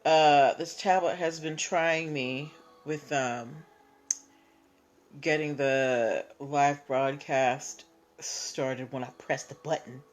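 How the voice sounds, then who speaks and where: A woman's voice: low voice, fairly even intonation, slow. A woman hosting a casual live stream, chatting and greeting viewers by name. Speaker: livestream host.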